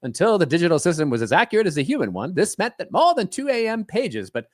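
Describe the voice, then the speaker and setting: Man doing a hammy old-time newsreel voice, raised pitch, crisp studio sound. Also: sing-song, quick pace, no room sound. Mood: mock-dramatic. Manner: theatrical, mock-grand announcing. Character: male old-timey 1930s newsreel announcer, earnest.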